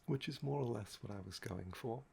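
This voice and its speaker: Young man with heavy gravelly fry, ASMR chat. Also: medium pitch, brisk, mellow. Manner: meandering and musing, often trailing off with "um". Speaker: ASMR channel host. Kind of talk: soft-spoken ASMR chat.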